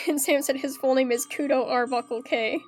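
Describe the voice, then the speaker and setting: Chatty high-voiced young woman streamer. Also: fairly even intonation, moderate pace, soft background music. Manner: chatty, rambling, many fillers. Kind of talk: casual game commentary.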